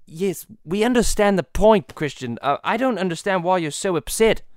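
A man's voice: high voice, expressive, moderate pace, no room sound, studio quality. A man doing a stammering cartoon baby. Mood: timid apologetic. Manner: timid, stammering apologies. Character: pompous cartoon baby boy.

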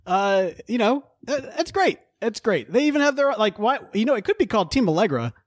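A man hosting a casual podcast, animated and chatty, with many stammered restarts and laughs. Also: high voice, a little fast, dry recording, clean studio sound. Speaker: podcast host. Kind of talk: casual chat.

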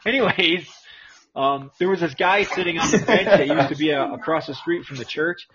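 A man's voice: on the high side, moderate pace. A man co-hosting a podcast, telling crude stories bluntly with a lot of swearing. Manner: blunt, profane storyteller. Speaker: podcast co-host. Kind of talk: crude casual chat. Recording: dull lo-fi sound with crowd noise.

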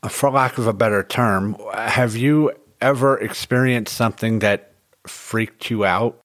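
A man co-hosting a podcast, asking a guest a question in a relaxed, conversational way. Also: lowish voice, measured pace. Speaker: podcast co-host. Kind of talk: casual interview question.

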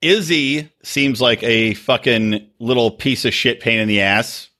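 A man's voice: mid-range voice, unhurried, sharp tone. A man co-hosting a podcast, chatting casually, swearing a lot and mimicking the people he talks about. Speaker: podcast co-host. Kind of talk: casual profane chat.

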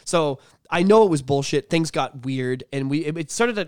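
A man's voice: on the high side, normal speed, few pauses, clear, resonant tone, no room sound, clean studio sound. Profane, rambling guy. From Canada. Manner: profane, animated, rambling with many fillers. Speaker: podcast host. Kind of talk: casual storytelling.

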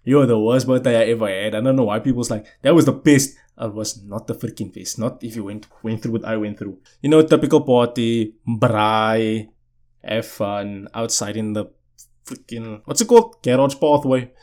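A man's voice: medium pitch, normal speed, a little mellow. A young man, telling a story casually to viewers in a rambling way with many restarts. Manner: rambling, restarts sentences, keeps asking "you know what I'm saying". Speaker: vlogger.

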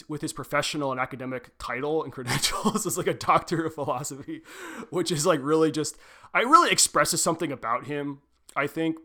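A man's voice: a little high, sharp tone. A young adult man co-hosting a literary podcast, talking casually and loosely, with lots of "like" and restarts. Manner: rambling, self-correcting, frequent "like" and "um". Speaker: podcast co-host.

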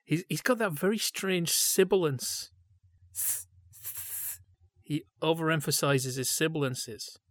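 A man's voice: on the high side, expressive, takes it slowly, a bit bright, no echo, studio quality. A man co-hosting a podcast, talking in a thoughtful, discursive way that drifts from point to point. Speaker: podcast co-host.

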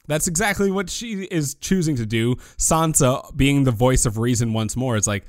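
A man's voice: mid-range voice, moderate pace, hardly any pauses, smooth, no room sound, clean studio sound. A man co-hosting a casual podcast, joking and acting out characters' lines. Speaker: podcast co-host.

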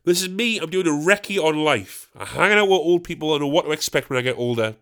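A man's voice: a little high, lively intonation, fast, a bit bright, clear, resonant tone. A young man, a stand-up comedian, hosting a solo podcast in a rambling, candid, sweary way.

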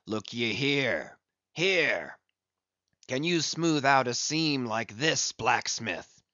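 A man's voice: medium pitch, takes it slowly, sharp tone, no echo, muffled recording. A man reading an audiobook, voicing an obsessed, brooding old sea captain who speaks in passionate, commanding old-fashioned speech. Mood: intense.

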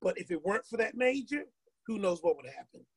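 Middle-aged man, higher voice, husky, earnest storytelling, dry sound. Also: big pitch swings, fairly quick, no echo, poor audio. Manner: earnest, emphatic, repeats himself. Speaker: guest on a group call. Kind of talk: casual storytelling.

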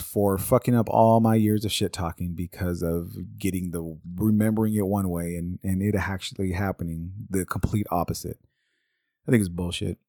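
Man in his 30s, lowish mellow voice, dry close sound, loose swearing ramble. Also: no echo. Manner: rambling and profane, with exasperated asides. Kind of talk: casual monologue.

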